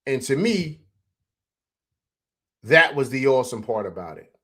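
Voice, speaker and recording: Talking a little slowly in a slightly rough voice, a young guy runs a laid-back postgame stream, going over highlights and saying hi to viewers. His commentary is excited, animated, and packed with fillers, especially "man" and "you know what I'm saying."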